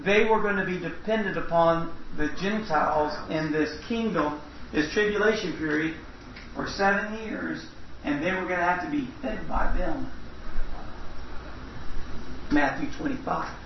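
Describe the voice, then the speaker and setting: A man with a fairly high voice preaches, reading scripture aloud and firing questions at the congregation. He sounds distant in a roomy hall, and the dull lo-fi recording carries faint hiss. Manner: reads long passages aloud, breaks in with quick questions to the audience.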